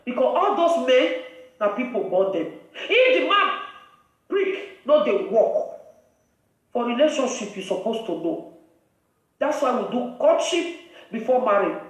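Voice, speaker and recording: A woman's voice: on the high side, a little mellow. A woman with a Nigerian accent, hosting a live video and scolding in a preachy, emphatic way. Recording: very echoey room, voice far from mic.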